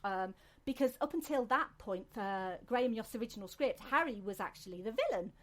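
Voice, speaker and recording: A woman's voice: fairly high pitch, lively intonation, brisk, fairly bright tone. A British woman hosting a podcast, chatting casually in a rambling way with many fillers and restarts. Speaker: podcast host. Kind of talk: casual chat.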